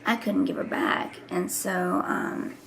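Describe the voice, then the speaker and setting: A woman's voice: mid-range voice, lively intonation, measured pace, creaky, noisy background. A woman in her thirties chatting casually to camera as a vlogger, rambling and sometimes dropping into whispers. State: voice recovering from hoarseness. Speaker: vlogger and mother.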